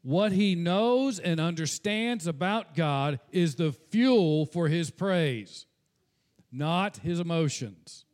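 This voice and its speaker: A man's voice: a little high, animated, takes it slowly, darkish tone. A pastor preaching a sermon in an earnest tone, slipping into casual asides and repeating words when he speaks off the cuff.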